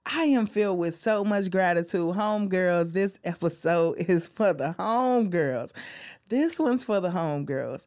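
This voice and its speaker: Woman doing her solo podcast, real heartfelt, lots of little exclamations, lowish voice. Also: lively intonation, slow pace, darkish tone. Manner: heartfelt, testifying, exclaims often. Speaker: podcast host. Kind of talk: emotional solo podcast talk.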